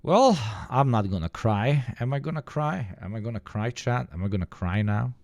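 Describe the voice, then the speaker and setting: A man's voice: mid-range voice, animated, normal speed, vocal fry, darkish tone, no room sound, clean studio sound. A man hosting a live stream, chatting casually and joking with his chat. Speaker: streamer host.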